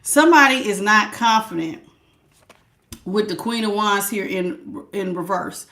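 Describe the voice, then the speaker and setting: A woman doing a casual live tarot reading, chatty and lively, calling her viewers baby and honey. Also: medium pitch, measured pace. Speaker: tarot reader.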